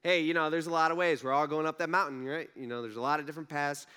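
A young man gives a sermon in a relaxed, chatty way, tossing out questions to the room. His voice sits a little high for a man. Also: fast talker, clean tone. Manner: conversational, animated preaching with rhetorical questions. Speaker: pastor.

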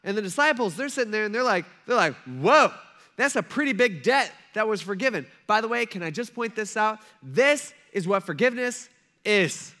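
High-voiced preaching man, conversational. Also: expressive, a little fast. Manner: conversational, rhetorical questions, acts out quotes; wide swings from loud to hushed. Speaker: pastor. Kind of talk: sermon.

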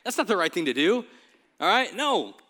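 Bright-voiced man preaching casually. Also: sits high, sing-song, normal speed. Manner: casual, conversational preaching with frequent "right?" asides. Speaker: pastor. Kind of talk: sermon.

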